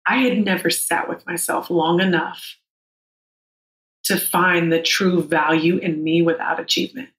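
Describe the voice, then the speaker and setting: A woman's voice: lowish voice, fairly even intonation, measured pace, a bit bright. A woman in her thirties telling a personal story as a podcast guest, candid and emotional, with frank swearing. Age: 30s. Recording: roomy echo.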